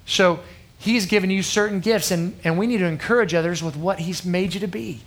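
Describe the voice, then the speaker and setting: A man's voice: sits high, fairly quick. A man in his thirties preaching to a youth group, earnest and conversational, often checking in with the crowd. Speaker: youth pastor.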